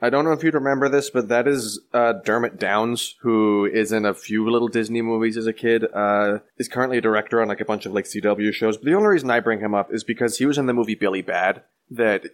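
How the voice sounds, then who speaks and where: A man's voice: lowish voice, fast, hardly any pauses. A young adult man co-hosting a podcast, chatty and eager to share movie trivia. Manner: chatty, excited about trivia. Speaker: podcast co-host. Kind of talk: casual film discussion.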